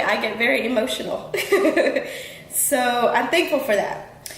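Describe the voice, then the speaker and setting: Speaking at an unhurried pace in a fairly high voice, a podcast host chats earnestly and casually with her listeners from a home room in Houston. Frequent ums and restarts mark her speech. The room is echoey, with background noise.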